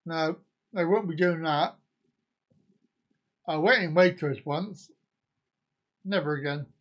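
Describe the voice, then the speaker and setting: Guy chatting on his live stream, slow easy pace, high voice, joking with viewers. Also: highs cut off. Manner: jokey, reacting to viewer comments. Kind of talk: casual live stream chat.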